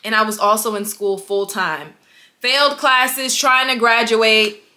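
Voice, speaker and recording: A woman's voice: on the high side, a little slow, bright, forceful tone. A young woman vlogging to her viewers, emphatic and repetitive, calling them y'all as she urges them on. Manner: emphatic, repeats herself, addresses viewers as y'all. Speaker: vlogger, business owner. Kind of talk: motivational vlog talk.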